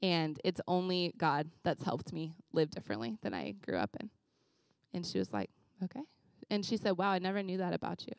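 A woman pastor telling casual, animated stories in a conversational sermon. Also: on the low side, a little fast, gravelly, no room sound. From Louisiana.

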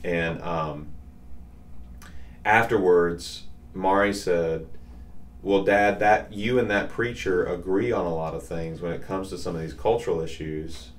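A Southern man in his forties, a pastor co-hosting a podcast, telling family stories in a lively, drawling way. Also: deep voice, unhurried. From Southern US, Nashville. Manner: animated storyteller with a Southern drawl. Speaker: pastor, co-host. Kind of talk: casual chat, storytelling.

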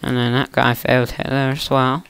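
Chatty young gamer. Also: male voice, medium pitch, completely flat delivery, normal speed, creaky, a bit bright, clean tone. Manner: chatty, self-talking, teasing. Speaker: gaming YouTuber. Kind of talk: gameplay commentary.

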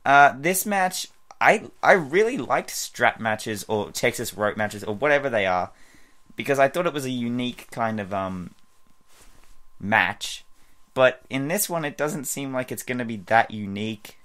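A man's voice: medium pitch, lively intonation, measured pace, a bit bright. Rambling man giving casual predictions. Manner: rambling, many fillers and restarts. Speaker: wrestling fan vlogger.

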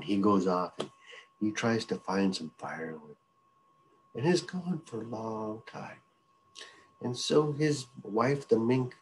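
A storyteller recounts a traditional folk tale in a loose, repetitive, conversational way. His voice is lowish and a little mellow, and the rough recording carries some hiss or hum.

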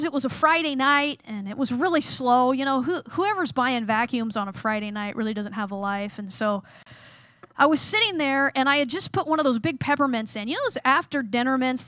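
A woman with a high, bright voice preaches in a light, joking way, building her point through self-deprecating stories. She acts out little scenes as she goes. The sound is dry and close, with no room around it. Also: no echo. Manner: animated, self-deprecating storyteller acting out scenes. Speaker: chapel speaker. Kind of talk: humorous sermon storytelling.

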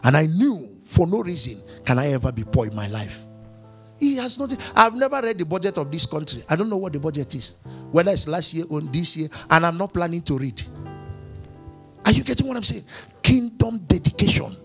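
Male preacher, high register, restless and animated, peppers the room with questions. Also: a little fast, soft background music. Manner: animated preaching, firing questions, acting out dialogues. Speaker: pastor. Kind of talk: sermon. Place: church.

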